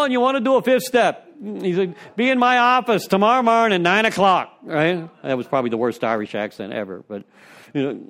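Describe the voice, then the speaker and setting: A man's voice: mid-range voice, vocal fry. Chatty man telling recovery stories. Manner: rambling, conversational storytelling with frequent "you know". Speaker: recovery speaker leading a step study. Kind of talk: informal recovery talk to a group. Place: meeting room with an audience.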